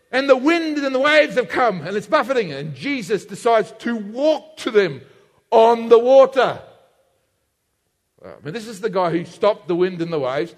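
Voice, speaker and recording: A male preacher giving an emphatic sermon that swings between loud and hushed, heard in an echoey hall. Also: very high-pitched. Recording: echoey hall with long reverb.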